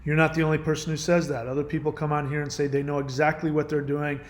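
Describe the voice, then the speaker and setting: A man, a caller, telling an emotional personal story in a halting, earnest way with many restarts. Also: fairly high pitch, level tone, a little hiss or hum.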